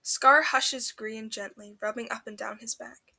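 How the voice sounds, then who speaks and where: A woman narrating fanfiction for a podcast with an expressive, emotional delivery. Her voice is bright and a touch high, and she reads in a storybook manner. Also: moderate pace.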